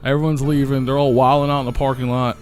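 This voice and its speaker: A man's voice: mid-range voice, level tone, quick pace, faint music behind. A man hosting a podcast, telling a night-out story in a laid-back, casual way, swearing often and laughing along. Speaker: podcast host.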